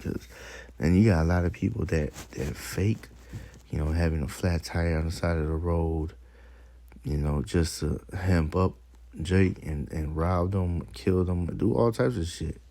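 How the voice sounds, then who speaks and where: Low, gravelly man, profane street preacher, dry sound. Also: a little slow, warm tone, no echo. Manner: profane, emphatic, laughs at his own stories. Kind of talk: casual preaching monologue.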